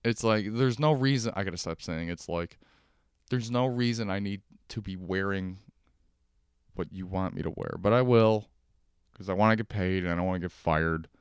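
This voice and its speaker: At home on his couch, a young podcast host does a solo comedic rant, sarcastic and profane, at a normal speed. His slightly low voice sounds very smooth and clean, recorded close and dry with no room sound.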